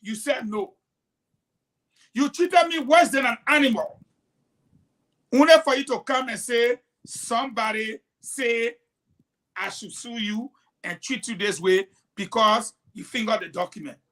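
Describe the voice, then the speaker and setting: A man's voice: very high-pitched, measured pace, long pauses, sharp tone. A man with a Liberian English accent hosting a political talk show, delivering heated, scolding commentary with rhetorical challenges.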